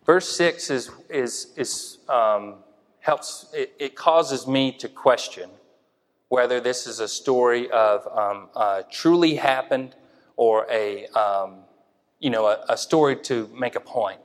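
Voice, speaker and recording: A man's voice: medium pitch, slow pace. A man preaching an informal sermon in a conversational way, thinking aloud with many fillers and restarts. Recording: long hall reverb.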